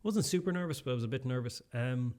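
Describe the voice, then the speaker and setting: A man's voice: mid-range voice, animated, fast talker, darkish tone. A young adult man with an Irish accent, a podcast co-host chatting casually and rambling through a story with many restarts. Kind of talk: casual chat.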